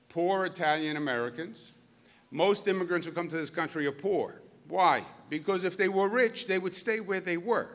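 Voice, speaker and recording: A man's voice: on the high side, a bit bright. A man in his fifties with a Queens New York accent, giving a folksy public speech to students and telling stories with joking asides. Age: 50s. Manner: folksy, storytelling, jokey asides. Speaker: governor speaking at a school. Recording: reverberant hall.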